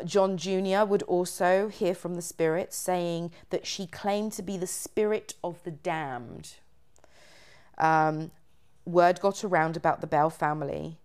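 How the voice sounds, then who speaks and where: A woman's voice: on the low side, darkish tone, smooth. A woman hosting a podcast, retelling a ghost story in a chatty way with many fillers. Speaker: podcast host. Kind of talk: casual storytelling chat.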